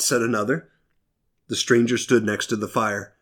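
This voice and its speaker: A man's voice: on the low side, fairly even intonation, moderate pace, fairly bright tone. Earnest male preacher telling a story. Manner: earnest storytelling, shifting pace for emphasis. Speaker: pastor. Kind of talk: sermon.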